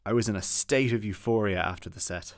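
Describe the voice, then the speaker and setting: Low-voiced man narrating a documentary. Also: fairly quick, heavy background noise. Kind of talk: voice-over narration.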